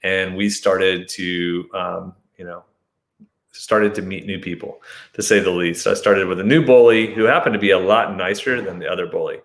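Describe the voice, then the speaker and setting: A man hosting his show, telling a personal story as a monologue and acting out shouted lines with sudden high jumps. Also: steady tone, moderate pace, echoey room.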